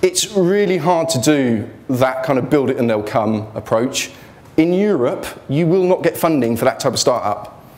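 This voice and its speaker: A man's voice: medium pitch, lively intonation, moderate pace, hardly any pauses, darkish tone. A man giving an informal motivational talk about his business failures, blunt and joking, speaking in a students' union hall.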